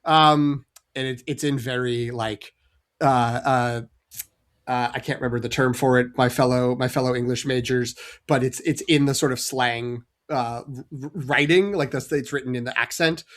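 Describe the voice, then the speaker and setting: A man's voice: medium pitch, fairly even intonation, moderate pace. A man co-hosting a film podcast in casual chat, rambling with lots of fillers and restarts. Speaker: podcast co-host.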